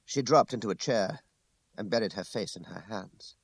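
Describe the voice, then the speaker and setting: Measured male narrator with gravelly creak. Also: on the low side, no room sound. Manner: measured and restrained. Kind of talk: scripted audiobook narration.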